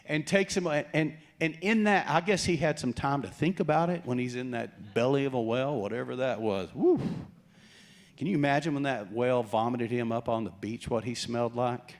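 A man preaching a sermon, joking with the congregation and acting out the characters in the story. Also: mid-range voice. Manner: jokey, animated preaching with acted-out quotes. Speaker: pastor.

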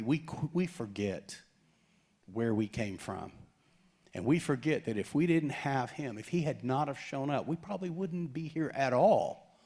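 A middle-aged man preaches a sermon from the pulpit, at a middle pitch. He tells stories with a light, joking touch and acts out the voices of the people in them. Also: a little slow, husky. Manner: animated storytelling, acts out quoted voices with humor. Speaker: pastor.

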